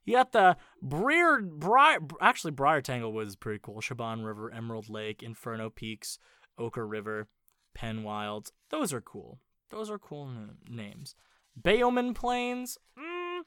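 A man's voice: high-pitched, big pitch swings, normal speed, sharp tone, clean tone, dry recording, clean studio sound. A man in a casual rambling book chat, sounding out odd names aloud and swearing as he goes.

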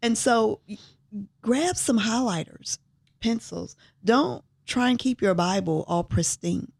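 A woman's voice: on the high side, expressive, slow pace, creaky, a little mellow, dry recording, studio quality. A woman co-hosting a devotional talk, encouraging and affirming as she urges listeners to read scripture. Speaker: co-host.

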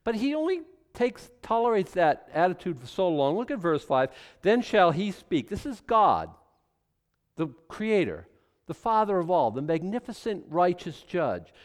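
A male pastor teaching verse by verse in a conversational sermon, animated and prone to restarting his sentences. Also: sits high, unhurried, big-room sound. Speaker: pastor teaching a Bible study.

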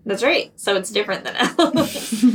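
A woman's voice: mid-range voice, lively intonation, unhurried, recorded from a distance, a crowd in the background. A woman in a casual chat who tosses in wry, joking asides.

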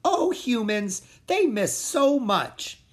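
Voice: sing-song, slow pace. A storybook reader voicing Pip, a small playful male forest creature with a sing-songy voice. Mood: cheerful. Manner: sing-songy, high and bouncy.

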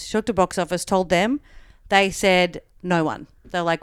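A woman's voice: on the low side, fairly even intonation, moderate pace, smooth, no room sound, studio quality. A woman comedian telling a long story in casual chat, full of "like" and acting out the quoted lines. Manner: chatty, peppered with "like", acts out quoted dialogue.

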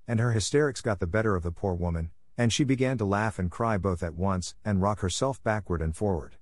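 A man narrating a classic storybook in a measured, even reading. His voice sits fairly low, and the recording is dry and close, with no room around it. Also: no room sound.

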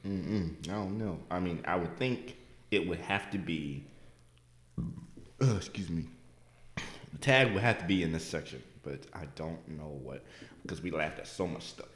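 A man co-hosting a podcast in casual comedic chat, loud and animated, joking with bursts of high laughter. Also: moderate pace, pauses often. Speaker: podcast co-host. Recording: roomy echo.

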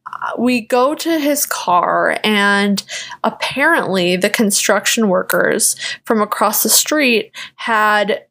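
A woman's voice: medium pitch, takes it slowly, a bit bright. A young woman hosting a podcast, telling a rambling personal story full of "like" fillers and swearing. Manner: rambling, heavy "like" fillers, profane. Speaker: podcast host. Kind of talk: casual storytelling monologue.

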